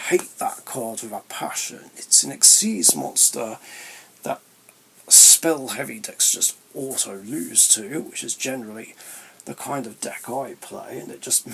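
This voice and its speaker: A man's voice: mid-range voice, vocal fry, fairly bright tone, a little hiss or hum, rough recording. A man, a card game YouTuber, walking through his deck in a casual, rambling way, with many ums and mid-sentence corrections. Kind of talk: casual deck profile walkthrough.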